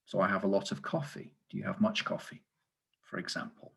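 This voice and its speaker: A man's voice: low-pitched, a little fast, vocal fry, fairly bright tone, slightly rough. A man, a teacher trainer, explaining grammar in an online lesson over a video call, with frequent fillers and asides about the chat.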